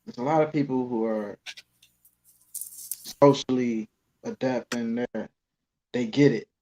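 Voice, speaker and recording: A man co-hosting a casual talk, calm and reflective with short replies. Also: medium pitch, unhurried, slight background noise. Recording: dull lo-fi sound.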